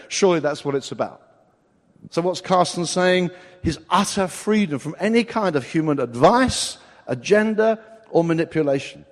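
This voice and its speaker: An older man preaching a sermon, acting out quoted voices with big swings of loudness. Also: fairly high pitch. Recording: long hall reverb.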